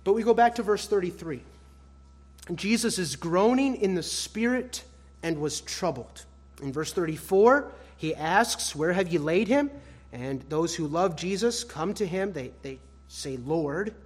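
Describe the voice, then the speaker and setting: Husky-voiced preacher man, high-pitched. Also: expressive, unhurried. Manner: swings between loud emphatic stress and hushed soft phrases; addresses listeners as beloved. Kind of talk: expository sermon.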